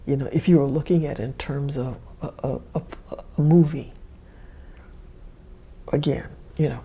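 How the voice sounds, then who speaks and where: A woman's voice: rumbling low, steady tone, normal speed, warm tone, husky. A woman hosting a podcast, telling a personal story in a rambling, self-correcting way and chuckling often. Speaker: podcast host. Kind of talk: casual storytelling monologue.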